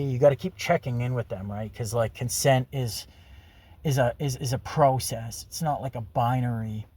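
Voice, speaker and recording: Male vlogger for a rambling, crude first-person story told at mid pitch. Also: normal speed, darkish tone, husky. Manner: rambling, filler-heavy, crude. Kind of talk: storytelling monologue.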